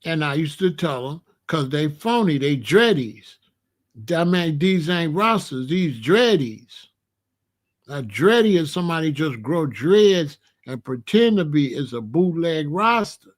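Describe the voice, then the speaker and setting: High-voiced man telling street stories. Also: a little slow. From Chicago. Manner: animated, slangy street-talk storytelling. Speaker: commentary host. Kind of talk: opinionated storytelling monologue.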